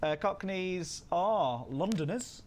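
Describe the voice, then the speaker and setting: A man's voice: high voice, animated, slow, slight background noise. A man hosting a casual livestream, chatty and self-deprecating, reading chat messages aloud. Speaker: livestream host.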